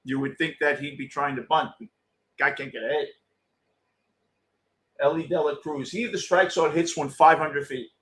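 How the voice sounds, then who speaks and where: A middle-aged man hosts a postgame show, talking casually to viewers and reacting bluntly and excitably to a live game, swearing freely. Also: fairly high pitch, moderate pace, pauses often.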